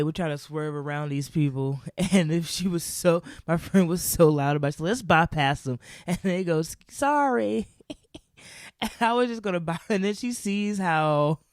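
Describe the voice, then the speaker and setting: A woman's voice: on the low side, darkish tone, clean tone, no echo, clean studio sound. A woman vlogger telling a casual comic story to camera, rambling, swearing casually and laughing often.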